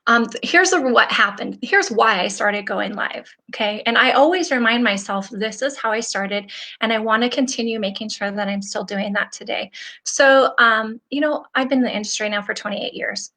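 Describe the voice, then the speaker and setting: A woman's voice: fairly high pitch, normal speed, pushed and bright. A woman in her forties, a nail technician hosting a casual livestream, chatting in a rambling, upbeat, motivational way while reading viewer comments. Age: 40s.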